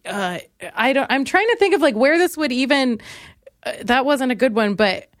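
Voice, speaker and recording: A woman's voice: high-pitched, normal speed, dry recording, clean studio sound. Sarcastic young woman podcast host. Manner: sarcastic, animated, quotes others in mocking voices. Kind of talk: comedic storytelling monologue.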